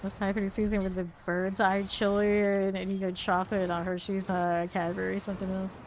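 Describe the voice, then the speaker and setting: A woman's voice: mid-range voice, flat delivery, brisk, a little mellow, slight background noise. A young woman streaming a game, chatting casually with viewers, answering chat and laughing easily while she plays.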